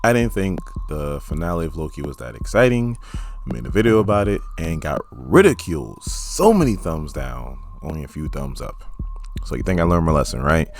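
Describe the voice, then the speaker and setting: A YouTube movie reviewer with a creaky bass voice talks at a moderate pace, with a little hiss or hum in the background. He reviews a superhero film for his viewers casually, joking and telling stories animatedly.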